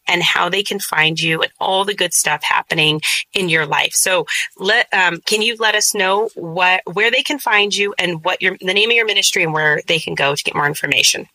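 Bright, dry-sounding woman interviewer. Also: lowish voice, no room sound, low-quality recording. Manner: halting, restarts her questions. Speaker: interviewer, book author. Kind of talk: interview questions.

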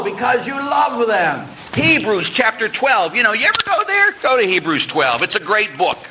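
A Catholic priest giving a sermon, animated and joking, often putting questions to his listeners. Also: high voice.

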